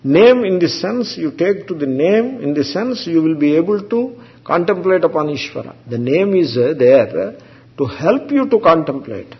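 Halting man teaching spiritual philosophy. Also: a little high, sing-song. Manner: slow, halting, with many pauses and restarts; chants Sanskrit terms. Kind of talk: Vedanta discourse. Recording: dull lo-fi recording.

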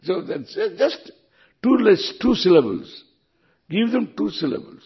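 Man, Indian English accent, spiritual teacher, chuckling, unhurried, husky, dull lo-fi recording. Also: sits high, sing-song. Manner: unhurried, chuckling, chants Sanskrit verses. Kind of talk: scripture lecture.

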